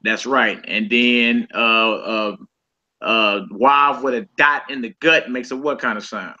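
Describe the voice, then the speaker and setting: Over a voice call, a man gives a casual group Hebrew lesson, quizzing his students in a relaxed, conversational manner. His mid-range voice is slow, and the audio is dull.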